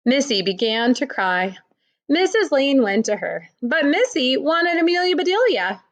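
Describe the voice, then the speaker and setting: A woman reading a children's picture book aloud in a slow, expressive storytelling manner. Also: high-pitched. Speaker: storybook reader.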